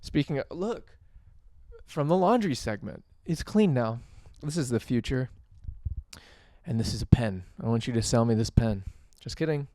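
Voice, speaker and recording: A man's voice: mid-range voice, expressive, moderate pace, pauses often, dark tone. A young man rambling through a casual vlog at home, self-deprecating and swearing casually. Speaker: vlogger. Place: at home, doing laundry and in his bedroom.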